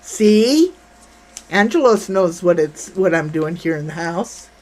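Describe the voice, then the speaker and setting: A woman's voice: on the low side, expressive, slow pace, darkish tone, poor audio. An older woman hosting a casual livestream, blunt and brash, chatting with viewers and reading their comments. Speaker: livestream host.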